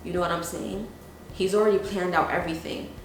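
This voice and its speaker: Young woman entrepreneur in a documentary interview: casual and earnest, low-ish voice, very echoey room. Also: fairly even intonation, brisk, distant mic. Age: young adult. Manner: casual and earnest, with frequent "you know what I'm saying". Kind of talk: documentary interview, candid talk. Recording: very echoey room, faint background noise.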